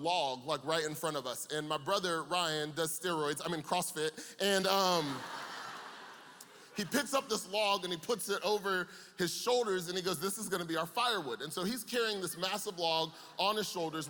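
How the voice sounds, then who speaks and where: A man's voice: sits high, bright, forceful tone. A young man preaching to a youth camp, telling a comic story with playful asides before turning serious. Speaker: camp speaker. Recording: long hall reverb.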